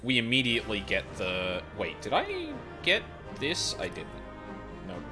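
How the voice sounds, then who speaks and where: A man streaming a video game with casual, excitable commentary and plenty of swearing. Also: mid-range voice, unhurried, over music.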